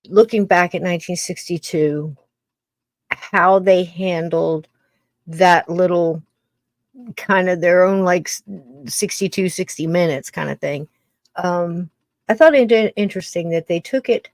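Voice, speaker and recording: A woman's voice: on the low side, a little slow, pauses often, a little mellow, dry recording. Older woman musing in a rambling way. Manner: musing, rambling with many restarts. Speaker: podcast host. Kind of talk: casual podcast monologue.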